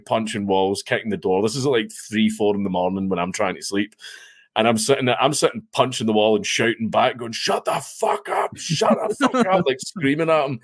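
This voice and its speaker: A Scottish man telling a story as a guest on a podcast, rambling, swearing freely and laughing often. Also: lowish voice. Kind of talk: casual storytelling chat.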